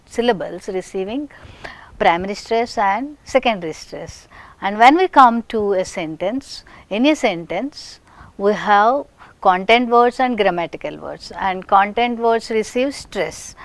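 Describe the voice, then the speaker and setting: A woman with an Indian English accent lecturing on phonetics, speaking deliberately with frequent restarts and example sentences. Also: medium pitch, no echo.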